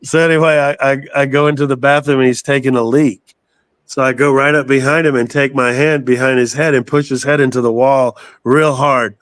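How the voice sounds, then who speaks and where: An older man telling a story as an interview guest, animated, swearing freely and laughing as he goes. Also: medium pitch, brisk, no echo. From southern United States. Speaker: guest musician.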